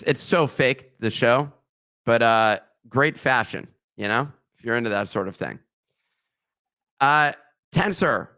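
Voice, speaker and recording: A man's voice: medium pitch, fairly bright tone, no room sound. A man hosting a podcast, reading a sponsor ad with joking asides and slips of the tongue. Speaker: podcast host. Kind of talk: casual podcast chat with ad read.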